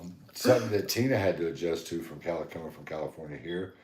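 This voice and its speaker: A very deep-voiced man, co-hosting a laid-back podcast. He tells rambling stories and mimics the people in them. The sound is roomy and echoey. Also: expressive, quick pace, a little mellow. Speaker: podcast co-host. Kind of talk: casual chat.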